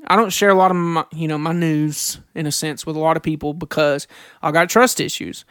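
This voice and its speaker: High-voiced earnest man on a podcast. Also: steady tone, fairly bright tone, clear, resonant tone, no echo, clean studio sound. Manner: earnest, reads scripture slowly, confessional storytelling. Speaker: podcast co-host. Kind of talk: faith podcast conversation.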